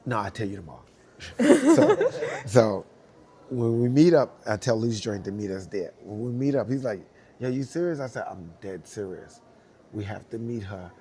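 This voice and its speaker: A middle-aged man, a dancer telling a lively story and acting out the voices of the people in it. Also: lowish voice, normal speed, slightly rough. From Brooklyn, New York. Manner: acts out both sides of dialogue, laughing often. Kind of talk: animated storytelling.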